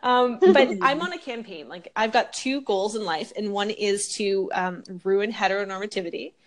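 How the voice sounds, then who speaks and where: A woman's voice: medium pitch, normal speed. A young woman co-hosting a podcast in casual chat, candid and ranting, swearing freely. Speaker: podcast co-host.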